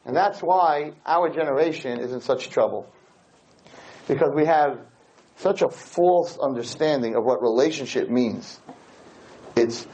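A Torah lecturer speaks to a live audience in a rhetorical, playful style, acting out small scenes along the way. His mid-range voice is slightly mellow and unhurried, with frequent pauses. The lecture recording is dull and lo-fi, with a faint hiss.

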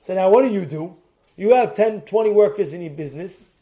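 A man giving an animated Torah lesson, excitable, often breaking into shouts and repeating himself as he builds his point. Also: high voice, a little fast. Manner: repeats and restarts phrases. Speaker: Torah teacher.

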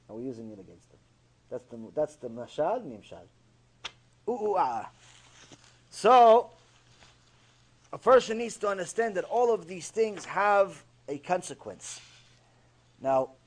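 A man giving a mussar lecture on Torah ethics, telling jokes and acting out characters as he teaches. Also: high voice. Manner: animated storyteller, jokes, acts out characters.

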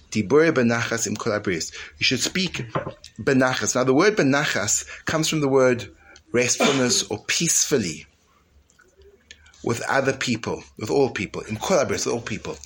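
Animated man teaching, loud then hushed. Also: mid-range voice, a little hiss or hum. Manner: frequent fillers and restarts. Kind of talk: informal Torah class.

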